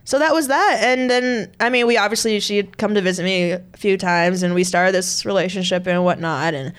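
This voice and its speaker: A woman's voice: mid-range voice, brisk, clean tone. Young woman on a podcast, easygoing, keeps laughing while she tells stuff. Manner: laughs often, relaxed storytelling. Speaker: guest, professional fighter. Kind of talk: casual interview chat.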